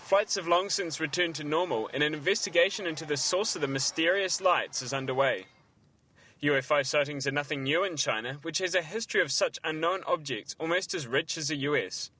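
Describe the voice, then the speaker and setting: A man filing a recorded news report outdoors in a city, with a measured, even delivery. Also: a little high.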